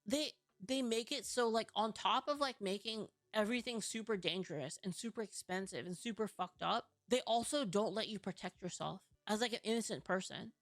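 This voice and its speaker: A woman's voice: mid-range voice, normal speed, few pauses, no room sound. A young woman from California telling a story in a casual vlog, ranting, full of fillers and swearing. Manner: profane, filler-heavy, ranting.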